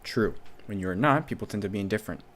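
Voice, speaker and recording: A man's voice: lowish voice, fast talker. A man streaming from home, reading posts aloud and reacting in a loose, casual way, swearing freely and muttering to himself.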